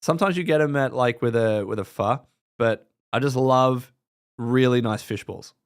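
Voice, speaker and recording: A man's voice: mid-range voice, moderate pace, clean tone. A man with an Australian accent hosting a live stream, chatting casually and rambling with his viewers, swearing now and then.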